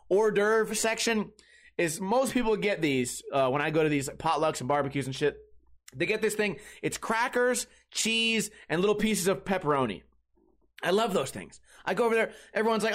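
A man with a high voice rambles through a casual comedic monologue as a podcast host. He swears a lot and tells his stories in a lively, animated way. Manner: rambling, profane, animated storytelling.

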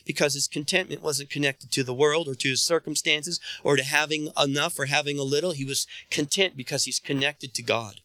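A pastor preaching a sermon in a bright, forceful man's voice. He calls out to the congregation and presses them to answer back. The sound is close and dry. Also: medium pitch, no room sound.

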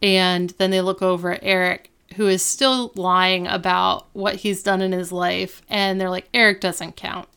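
A woman's voice: fairly low pitch, measured pace, gravelly, few pauses, smooth. A woman co-hosting a podcast, casually recapping a TV episode and acting out the characters' lines as she goes. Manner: animated retelling, acting out quoted lines. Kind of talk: casual chat.

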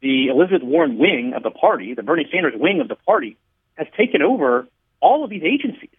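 A man being interviewed on a radio show, laying out his points in a measured, explanatory way and sometimes telling a fable to make them. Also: a little high, big pitch swings, breathy edge. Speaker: radio guest, regulatory commissioner. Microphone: phone line. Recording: tinny phone line.

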